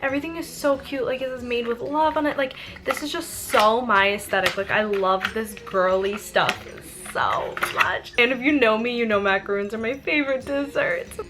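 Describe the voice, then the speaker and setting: A woman's voice: on the high side, moderate pace, few pauses, noisy background. A young woman vlogging casually, gushing over products with lots of "like" and "oh my god". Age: young adult. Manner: gushing, girly, full of "like" and "oh my god". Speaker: YouTuber. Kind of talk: casual product review vlog.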